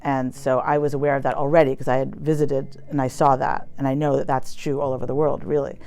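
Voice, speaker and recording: A woman's voice: extremely low pitch, level tone, quick pace, a little mellow, soft background music. An American woman, a poet and academic, telling a personal story in a chatty, reflective way with many fillers. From United States.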